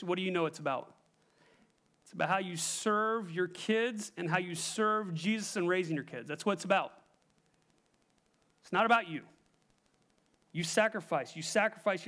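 High-voiced man preaching emphatically. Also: sharp tone. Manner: emphatic, asks the congregation questions. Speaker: pastor. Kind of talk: sermon.

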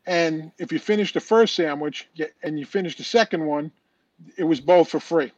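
A man's voice: on the high side, normal speed, no echo. Rambling New man on a lo-fi call. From Long Island, New York. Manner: rambling joke-telling with restarts. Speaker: guest, competitive eater. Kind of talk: casual storytelling on a podcast call.

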